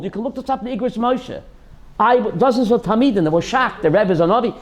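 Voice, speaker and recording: A man's voice: sits high, quick pace. A man, a rabbi and host, tells a story on a call-in show, repeating key phrases for emphasis.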